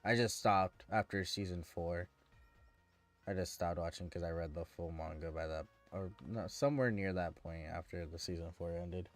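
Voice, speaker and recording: A man's voice: low-pitched, moderate pace, faint music behind. Man ranting casually to his stream. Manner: ranting, exasperated, restarts often. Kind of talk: casual chat with stream viewers.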